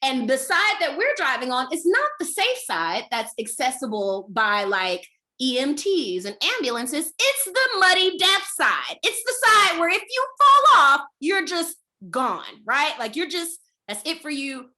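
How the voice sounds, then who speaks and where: A woman comedian telling a funny personal story over a video call, with an animated, dramatic comic delivery. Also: sits high, normal speed. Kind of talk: storytelling performance.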